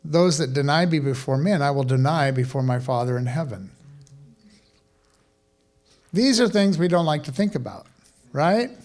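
A man pastor preaching a sermon in a conversational, animated way, with casual asides and questions to the congregation. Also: on the high side, moderate pace, long pauses.

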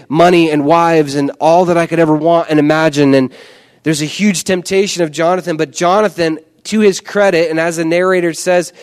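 Man preaching a conversational sermon. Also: on the high side. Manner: conversational, emphatic, repeats words. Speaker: pastor.

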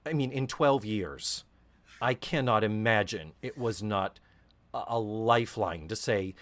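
A man co-hosting a podcast in casual chat, telling stories in an animated, profane way. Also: fairly low pitch, unhurried. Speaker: podcast co-host.

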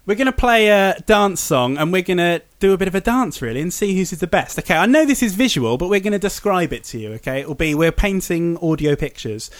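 A man's voice: high voice, animated, fast, few pauses. A man hosting a comic podcast, jokey and often laughing. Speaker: podcast host.

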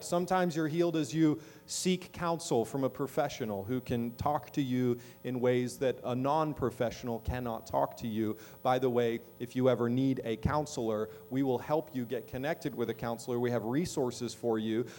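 A man's voice: medium pitch, normal speed, few pauses, mellow. A middle-aged man preaching a sermon as pastor in a church, talking conversationally and often checking in with the congregation. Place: church sanctuary.

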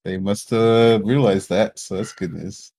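A man's voice: lowish voice, fairly even intonation, unhurried, creaky, dark tone, dry recording. A young man in a casual chat among friends, laid-back and easygoing.

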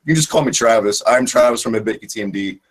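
A man who hosts his own podcasts, guesting on another one and rattling off plugs in a rapid-fire, profane way. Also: fairly low pitch. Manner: rapid-fire, swears freely. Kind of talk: casual podcast chat.

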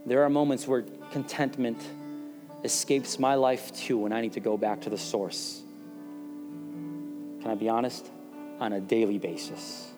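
A man's voice: mid-range voice, fairly even intonation, measured pace, long pauses. A male pastor delivering an impassioned sermon with emphatic repetitions, in a church sanctuary. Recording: long hall reverb, faint music behind.

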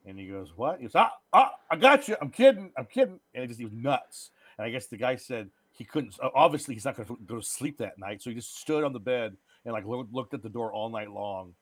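A man trades casual, profane banter about bad films on a podcast, slipping into dark humor as he tells stories. His voice sits in a middle pitch. The mic is close and dry, with no room sound. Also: quick pace, few pauses, no echo. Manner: animated storyteller, swears freely, dark jokes. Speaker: podcast co-host. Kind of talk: casual movie-review chat.

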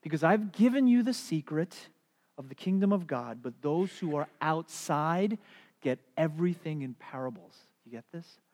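A middle-aged man preaching a sermon as a pastor, telling stories in an animated way and putting on playful voices. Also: fairly high pitch, normal speed. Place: church sanctuary. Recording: long hall reverb.

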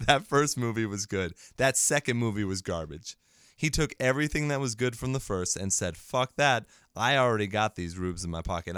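A man's voice: lowish voice, a bit bright, smooth, no room sound, studio quality. A man co-hosting a casual movie podcast, sarcastic and playfully smug, swearing freely. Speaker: podcast co-host.

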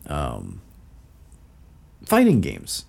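Very deep, raspy man in casual chat. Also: wildly swooping pitch, a little mellow. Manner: halting, filler-heavy, dry jokes. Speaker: podcast co-host.

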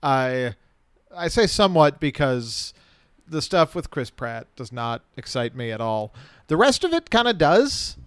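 A man's voice: medium pitch, very animated, unhurried, smooth, no room sound. A man co-hosting a casual movie podcast, frank and opinionated, often restarting his sentences. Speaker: podcast co-host, film critic.

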